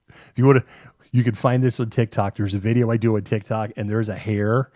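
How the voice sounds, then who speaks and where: A man hosts a live stream and tells long, rambling stories peppered with swearing. His voice is low and mellow. It sounds dry and close to the microphone. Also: fairly even intonation, moderate pace, no echo. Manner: rambling, profane storytelling. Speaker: host. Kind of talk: live-stream casual chat.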